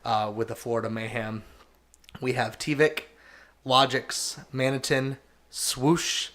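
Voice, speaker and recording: A man's voice: medium pitch, steady tone, slow pace, fairly bright tone. A man co-hosting a casual esports chat, playful and joking as he reads out team rosters. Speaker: co-host.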